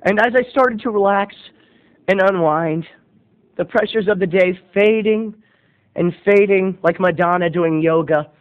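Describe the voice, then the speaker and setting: A man in his thirties telling a comic story in a melodramatic, theatrical monologue, on a dull lo-fi camera recording. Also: sits high. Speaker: video blogger.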